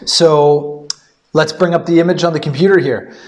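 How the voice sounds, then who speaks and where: A man's voice: fairly high pitch, fairly even intonation, moderate pace, muffled recording, noisy background. Man, casual photo critic; loose, rambling and upbeat. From Canada. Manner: rambling, filler-heavy and upbeat. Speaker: guest photographer giving critique.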